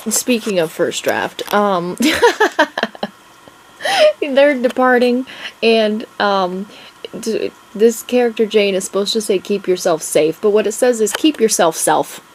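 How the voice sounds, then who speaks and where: In this rough recording, a young female author vlogs in a relaxed way, reading her draft aloud and talking it over with frequent laughter and gushing. She speaks slowly in a mid-range voice that swings widely in pitch.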